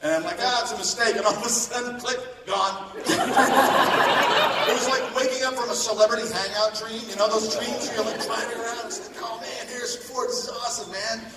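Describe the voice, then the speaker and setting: A man's voice: very high voice, steady tone, brisk, over a noisy crowd. A man, a voice actor on a convention panel, telling rambling, chatty anecdotes with bits of laughter. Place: large convention panel room. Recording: echoey hall recorded from far off.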